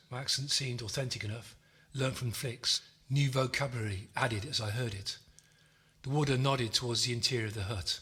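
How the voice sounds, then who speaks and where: A man reading a novel aloud in the first person, steady and measured. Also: mid-range voice, husky. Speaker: audiobook narrator.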